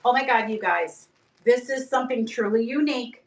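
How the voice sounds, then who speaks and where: Bubbly and chatty, a woman runs a live-stream auction, greeting viewers by name and joking as she sells items. Her voice is a little high at normal speed, recorded in an echoey room with the mic far off.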